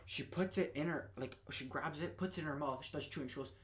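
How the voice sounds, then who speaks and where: A young man rattles off a story at a quick clip, animated and easygoing. He chats casually as a guest on a friend's podcast. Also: a little high.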